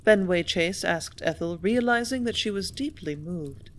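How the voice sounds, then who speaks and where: A woman narrating an audiobook in a steady, even storytelling manner. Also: fairly low pitch, moderate pace, hardly any pauses. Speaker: audiobook reader.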